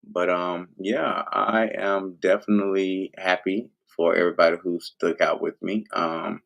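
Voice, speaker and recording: Gravelly-voiced man rambling on a livestream. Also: deep voice, flat delivery, a little slow, hardly any pauses, a bit bright. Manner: loose, rambling, profane. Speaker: livestream host. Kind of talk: casual monologue to viewers.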